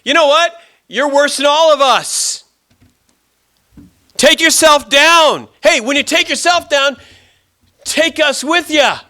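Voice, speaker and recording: A man voicing a scornful thief on a cross who taunts loudly. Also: very high-pitched, takes it slowly, long pauses, pitched above the performer's own voice, heavily acted. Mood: jeering. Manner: loud, taunting.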